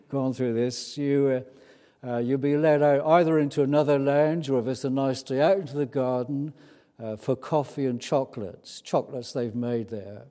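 British man, preacher, sermon, slow delivery, chatty with many fillers, long hall reverb. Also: mid-range voice, dark tone. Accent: British English.

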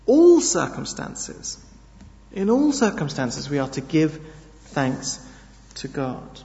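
Slow earnest preacher in an echoing hall. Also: male voice, on the high side, big pitch swings, a little mellow, dull audio. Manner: earnest, emphatic, slow with sudden stresses. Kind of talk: sermon.

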